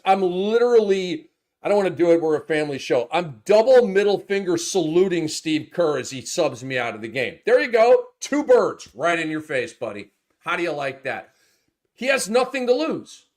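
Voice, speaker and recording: A fired-up sports show host, a man whose voice jumps all over in pitch, sitting a touch higher than most men. He rants and jokes in loose, casual chat, dropping to mutters and bursting back up loud. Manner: animated, swings from muttering to loud outbursts, swears. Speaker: fantasy basketball show host.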